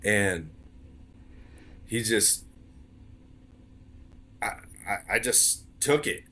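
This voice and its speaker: Low-voiced man telling a story earnestly. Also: expressive, very slow, bright, forceful tone, husky. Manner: earnest, repeats words for emphasis. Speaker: podcast guest. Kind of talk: storytelling in casual conversation.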